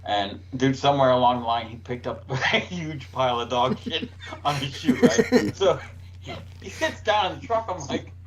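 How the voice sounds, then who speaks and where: A man's voice: mid-range voice, animated, moderate pace, rough recording. A man telling a profane work story on a casual podcast, laughing through his own punchlines. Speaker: podcast co-host.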